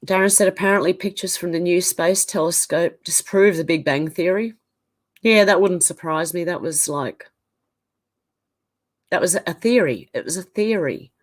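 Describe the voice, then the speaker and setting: Here an Australian-accented woman runs a relaxed livestream, voicing viewers' comments and chatting back in response. Her pitch is fairly low, and she speaks at a moderate pace.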